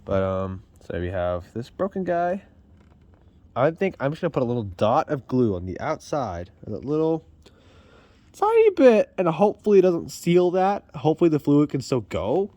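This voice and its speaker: A man's voice: mid-range voice, sing-song, normal speed, mellow, dry recording. A man rambling casually while fixing a car in his garage, filming on a handheld phone camera. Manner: rambling, self-deprecating, chatty. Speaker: vlogger. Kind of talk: casual chat.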